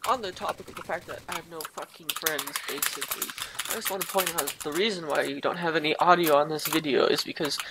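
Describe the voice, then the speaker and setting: Loud keyboard clatter fills this very noisy clip as a woman with a low voice talks fast through a gameplay parody. She swears nonstop, rambles and boasts in a mocking way.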